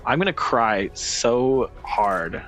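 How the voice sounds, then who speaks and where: A man's voice: mid-range voice, expressive, slow pace, fairly bright tone, faint music behind. A man giving casual gameplay commentary, muttering, swearing and calling himself an idiot as he works. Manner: self-deprecating, swearing, frustrated muttering. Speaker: gaming streamer.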